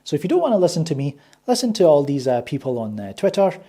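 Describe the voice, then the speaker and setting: A sarcastic man rants his way through a film review, swearing freely. His voice sits a bit high for a man, with a husky, breathy grain and a warm, mellow tone. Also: big pitch swings, fast. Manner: sarcastic, swears a lot, exasperated. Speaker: movie reviewer and channel host. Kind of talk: ranting casual review.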